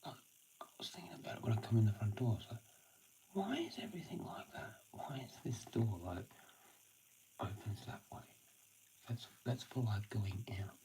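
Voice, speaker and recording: A man's voice: on the low side, very animated, moderate pace, pauses often, warm tone, rough recording. A man hosting a casual live stream, rambling and swearing, often in a half-whisper. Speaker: livestream host.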